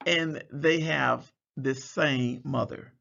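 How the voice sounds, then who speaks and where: A man's voice: mid-range voice, takes it slowly, gravelly, a bit bright, muffled recording. A man preaching a Bible study sermon, reading scripture aloud and explaining it, drawing out words for emphasis.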